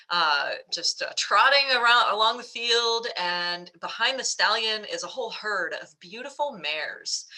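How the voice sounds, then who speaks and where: Coach lady telling a story on a webinar, really bright voice, chatty with ums. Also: mid-range voice, rough recording. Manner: chatty storyteller with fillers and laughs. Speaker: mental fitness coach.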